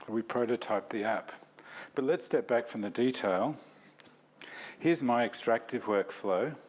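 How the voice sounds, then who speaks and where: Reflective male academic lecturer. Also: on the low side. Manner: reflective, self-deprecating. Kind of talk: academic talk.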